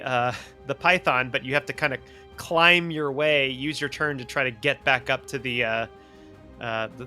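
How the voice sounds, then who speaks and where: A man's voice: mid-range voice, sharp tone. A man running a tabletop game as dungeon master, narrating loosely with restarts and laughs.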